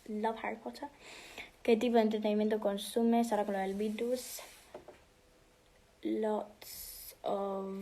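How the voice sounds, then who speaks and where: A teenage girl with a mid-range voice chats casually with fans during a livestream from a room in her home. She answers their questions in a mix of English and Spanish and at times slips into a soft half-whisper.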